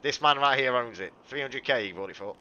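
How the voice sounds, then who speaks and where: Man, car-dealer role-play; bright, forceful salesman patter, mate-and-buddy talk. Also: medium pitch, fast talker, dull audio. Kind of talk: in-character role-play over game voice chat.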